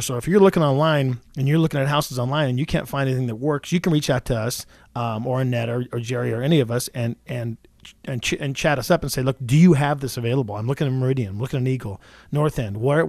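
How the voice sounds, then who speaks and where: Hosting a radio talk show, a real estate agent in his forties rushes his speech, full of restarts and repeated words. His medium-pitched voice has a darkish tone, and there's no room sound.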